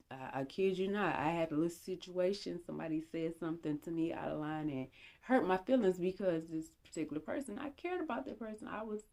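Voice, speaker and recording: Chatty young woman with a deep-ish voice doing a storytime vlog, acts out the back and forth. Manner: animated, chatty, acts out dialogue. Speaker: storytime vlogger. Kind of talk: casual storytime.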